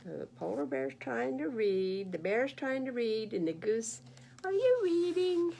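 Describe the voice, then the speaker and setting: A woman librarian reading picture books aloud at a baby storytime, animated and sing-song, talking to little listeners. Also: a little high, measured pace, creaky. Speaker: children's librarian.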